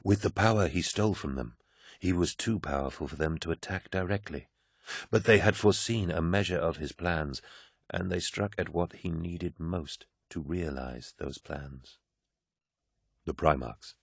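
A man voicing a cold, menacing man in an audiobook, speaking quietly and ominously. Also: low-pitched, moderate pace, creaky, breathy edge, no echo, studio quality, pitched below the performer's own voice, exaggerated voice.

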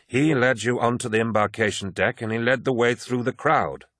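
A man doing a sly priest who slips his words in smoothly and pointedly, a little higher than the narrator's voice. It has a husky tone in a dry recording. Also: normal speed, a bit bright, dry recording, close to an everyday voice. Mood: insinuating. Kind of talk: audiobook character voice.

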